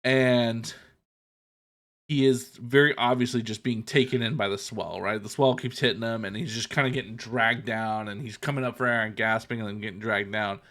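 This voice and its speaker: A man at a middle pitch, chatting casually as a podcast co-host. He walks through the episode scene by scene in a loose, swearing style and drops in quick asides as he goes. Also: steady tone, fairly bright tone. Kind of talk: casual chat recapping a TV episode.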